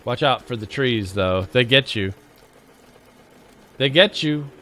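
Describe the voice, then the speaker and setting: A medium-pitched male voice, bright and forceful with lively intonation, moves at a slow pace against slight background noise. The speaker is a game streamer bantering playfully with chat and the zombies during a casual survival-game livestream.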